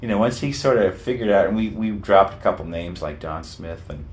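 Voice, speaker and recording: Brief: low-voiced male musician guest, animated storyteller, restarts often. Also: a little fast, a little hiss or hum. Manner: animated, rambling, lots of restarts. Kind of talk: casual interview storytelling.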